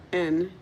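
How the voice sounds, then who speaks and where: A woman livestreaming from her car, telling a story in a casual, chatty way, laughing often and speaking straight to her viewers. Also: a little hiss or hum. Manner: laughs often, giggly and animated; chatty, addresses viewers directly. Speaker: livestream host.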